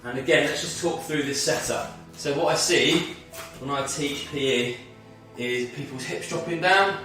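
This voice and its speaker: A man's voice: fairly high pitch, a little slow, pushed and bright, heavy reverb, recorded from a distance, soft background music. A man leading a guided movement and mindfulness workout as a fitness instructor, slightly out of breath, talking through each move step by step. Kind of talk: guided exercise class.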